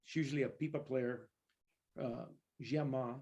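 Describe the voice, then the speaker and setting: A guest percussionist from East Los Angeles, California, tells rambling anecdotes in a casual interview, full of fillers and restarts and occasional laughter. His mid-range voice is steady and darkish with a breathy edge, at a moderate pace.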